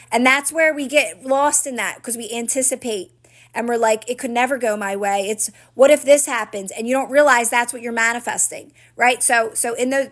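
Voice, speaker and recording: A manifestation coach speaks to her viewers on a live stream, answering their comments in an earnest, encouraging way and often checking in with "right?" and "guess what?". Her voice is on the high side and a bit bright.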